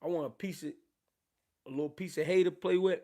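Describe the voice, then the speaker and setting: Gravelly Philly man, casual slangy chat. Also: sits high, steady tone, a little fast, no room sound. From Philadelphia. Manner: slangy, laughing, swings from loud to mumbled. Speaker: boxing channel host. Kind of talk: casual live-stream chat.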